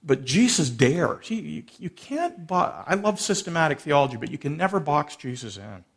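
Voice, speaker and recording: Gravelly-voiced male preacher. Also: a little high, moderate pace. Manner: expressive preaching, acts out quoted lines. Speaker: pastor. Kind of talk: sermon.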